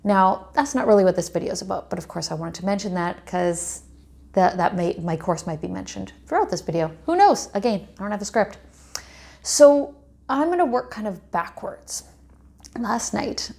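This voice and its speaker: A woman's voice: medium pitch, gravelly, darkish tone. A woman working as a life coach, talking to her viewers without a script in a chatty, rambling way full of asides. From Canada. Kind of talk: unscripted talk to camera.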